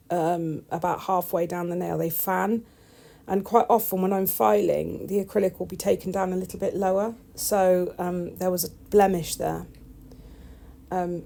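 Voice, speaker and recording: A woman's voice: fairly low pitch, gravelly, dark tone. A woman, a nail technician, chatting casually over her tutorial with wry, self-deprecating asides.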